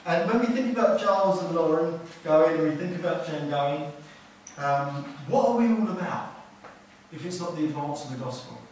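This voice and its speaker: A man preaches to his congregation, earnest and conversational, leaning on repeated words to drive a point home. His voice sits a touch high for a man and sounds set back from the mic. It rings around a very echoey hall, with a faint hiss underneath. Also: expressive, moderate pace, recorded from a distance. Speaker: pastor. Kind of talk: sermon. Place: church hall.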